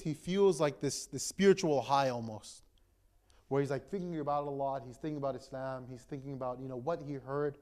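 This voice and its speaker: A young man, an imam, retelling a story to a gathering in a relaxed, conversational way, full of fillers and restarts. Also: a little high. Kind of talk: casual storytelling talk.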